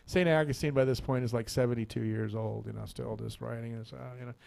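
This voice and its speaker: A man's voice: medium pitch, steady tone, quick pace, creaky, darkish tone. A man hosting a radio talk show, chatting casually and telling a rambling joke, laughing often and repeating words as he goes. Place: radio studio.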